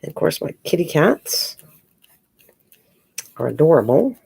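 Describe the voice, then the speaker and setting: A woman's voice: deep voice, very animated, a little slow, gravelly, pauses often, breathy edge, dry recording. Older woman chatting on a craft live stream. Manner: chatty, greets viewers warmly by pet names. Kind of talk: casual live stream chat while crafting. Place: home.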